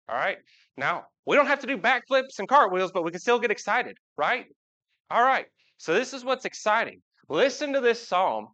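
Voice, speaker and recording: Man, casual sermon, talks with the congregation, slightly high voice, dull lo-fi church recording. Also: pushed and bright. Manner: chatty, asks the congregation questions. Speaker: preacher. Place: church sanctuary. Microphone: live church recording.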